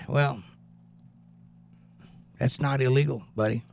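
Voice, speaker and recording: A man's voice: medium pitch, animated, normal speed, vocal fry, no room sound. A man hosting a live stream, giving blunt, opinionated political commentary in a casual chat style and answering viewers. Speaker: livestream host reading chat.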